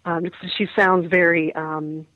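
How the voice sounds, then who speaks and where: A woman's voice: lowish voice, little pitch movement, slow pace, narrow, tinny audio. A woman, an actress, chatting in an interview, laughing often and restarting her words. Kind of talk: casual interview chat.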